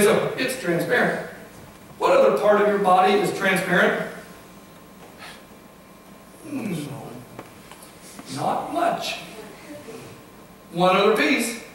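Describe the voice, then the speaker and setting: A middle-aged man, a guest speaker, gives a lively science talk to a congregation and keeps quizzing them with "okay?" and "right?". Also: high voice, slight background noise. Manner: questions the audience often, with frequent "okay?" and "right?". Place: church hall. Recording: very echoey hall, from far off.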